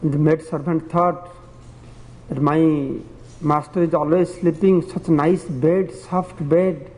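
A man with a high voice preaches a devotional sermon, telling parables in plain, broken phrasing and chuckling now and then. His words ring out with a long hall echo. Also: fairly even intonation, slow, darkish tone.

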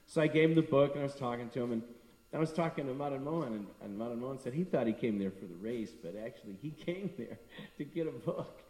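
A man's voice: mid-range voice, lively intonation, fast talker, a little mellow. A middle-aged man giving a devotional talk, telling stories and acting out the people he met. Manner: storytelling, acting out quoted people. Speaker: temple speaker. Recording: echoey hall from a distance.

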